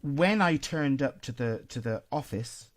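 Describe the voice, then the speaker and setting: A man hosting a podcast interview, telling stories in an animated way and swearing freely. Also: mid-range voice, measured pace. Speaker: podcast host. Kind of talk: casual interview chat.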